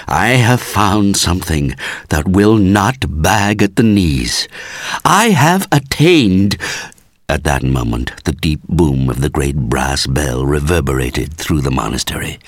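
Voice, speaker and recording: Deep-voiced man reading a story. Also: dry recording, studio quality. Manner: measured, expressive reading. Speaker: audiobook reader. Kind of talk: scripted narration.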